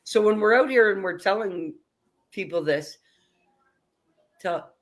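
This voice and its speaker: A woman's voice: medium pitch, takes it slowly. A woman hosting a casual talk, speaking in emphatic, punchy phrases with blunt, sometimes salty wording. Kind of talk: casual chat.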